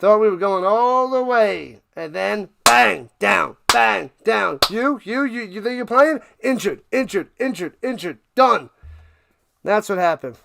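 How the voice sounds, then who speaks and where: A man's voice: high-pitched, lively intonation, measured pace, creaky, hardly any pauses, bright, forceful tone, no room sound. A man hosting a casual live stream, calling football play by play in a playful, hyped way while chatting with viewers. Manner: playful, hyped, talks to chat, sings and riffs.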